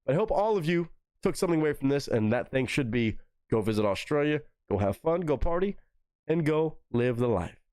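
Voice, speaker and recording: A man from Texas hosting a live music reaction, talking excitably and swearing freely. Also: brisk, clean tone, no echo. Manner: excitable, swears freely, big swings in pitch.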